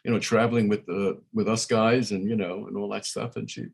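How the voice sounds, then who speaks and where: An older man in his 60s from Brooklyn, New York, speaks in a husky, fairly low voice with a steady tone and a brisk pace. As a musician being interviewed casually, he rambles loosely through his stories with plenty of fillers and restarts.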